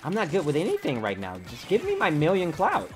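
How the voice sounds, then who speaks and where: A man streaming a live game, talking in a theatrical way that swings from low mumbles to sudden yells. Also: wildly swooping pitch, a little fast, music in the background.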